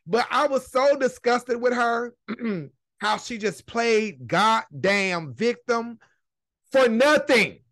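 A high-voiced man hosts a gossip podcast from a video call, dry and close with no room sound. He talks animatedly and swears freely, acting out what others said with big dramatic flair. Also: expressive, slow pace, a bit bright, dry recording. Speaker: podcast host. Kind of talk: casual gossip chat over video call.

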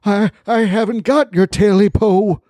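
A man's voice: very animated, brisk, no room sound, studio quality, heavily acted. A man playing a frightened old mountain man who calls out to his dogs in a strained, stuttering voice. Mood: terrified. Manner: high, strained calling and stuttering.

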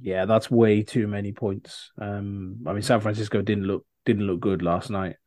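A man's voice: on the low side, steady tone, moderate pace, warm tone, no echo, clean studio sound. A man co-hosting a sports podcast, hesitant and thinking aloud with many fillers. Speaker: podcast co-host. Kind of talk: casual sports chat.

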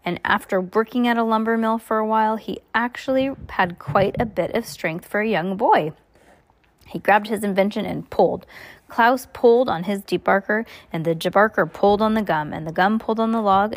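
A woman reading a children's novel aloud at home in an unpolished way, stumbling and restarting. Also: medium pitch. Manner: adds offhand casual remarks. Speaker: reader.

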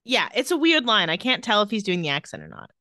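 A woman's voice: medium pitch, very animated, fast talker, pushed and bright, no room sound. A woman co-hosting a podcast, casually recapping TV scenes with quoted lines and dry asides. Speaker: podcast co-host recapping a TV episode. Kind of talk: casual chat.

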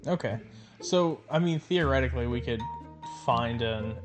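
A laid-back man chatting casually, mostly answering in short replies and breaking into easy laughter. His voice has a middle pitch. Music is clearly audible behind him. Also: moderate pace. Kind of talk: casual chat.

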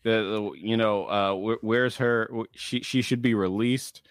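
A man with a deep voice and vocal fry, chatting as a podcast guest. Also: steady tone, a little slow, dry recording, studio quality. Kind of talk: casual chat.

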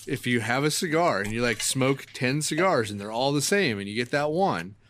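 A man's voice: medium pitch, animated, moderate pace, fairly bright tone, slight background noise. A man co-hosting a podcast in casual chat, mostly chiming in with short remarks. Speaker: podcast co-host.

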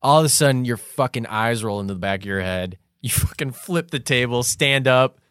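A man's voice: medium pitch, brisk, a bit bright, smooth, no echo, studio quality. A man co-hosting a casual comedy podcast, telling a joking story in a loose, chatty way. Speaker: podcast co-host.

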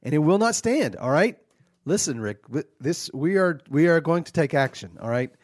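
A man's voice: fairly high pitch, lively intonation, moderate pace, dry recording, studio quality. A man playing a petty, indignant devil who hosts a podcast from hell, talking in an aggrieved, flustered way full of false starts. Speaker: podcast host.

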